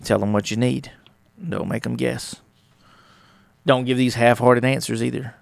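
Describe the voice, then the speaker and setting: A man with a deeply gravelly, fry-heavy voice talks through his podcast in a loose, rambling way, breaking into little back-and-forth bits of dialogue. The sound is dry and close, with no room around it. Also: fairly even intonation, measured pace, dry recording. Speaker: podcast host. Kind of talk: casual solo talk on relationships.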